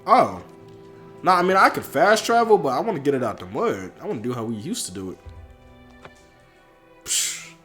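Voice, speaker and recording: A young man casually commenting while he streams a video game, talking to his chat in animated slang from home. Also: medium pitch, normal speed, pauses often, soft background music. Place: indoors at home. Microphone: headphones on, streaming setup.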